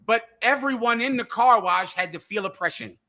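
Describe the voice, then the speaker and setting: A man with a high, bright, sharply cutting voice delivers heated political commentary. He talks emphatically and with indignation, leaning on rhetorical questions, over a remote call. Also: moderate pace. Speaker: show co-host.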